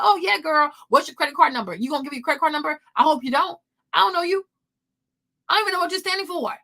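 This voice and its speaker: A woman hosts a casual commentary stream, talking directly to her audience. Her voice sits high and sounds bright and sharp. She is animated and emphatic, and she acts out her own past reactions. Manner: animated, emphatic, talks straight to viewers. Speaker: host.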